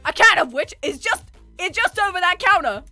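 A woman's voice: very high-pitched, very animated, moderate pace, pushed and bright, faint music behind, pitched above the performer's own voice, heavily acted. A woman voicing a nerdy, jittery female lizard scientist from a video game in a put-on British accent. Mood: perky. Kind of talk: reading game dialogue aloud.

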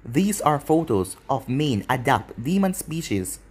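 A man's voice: mid-range voice, big pitch swings, measured pace, breathy edge. A man voicing a mysterious young female demon hunter who explains things in a matter-of-fact, instructive way. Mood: stern.

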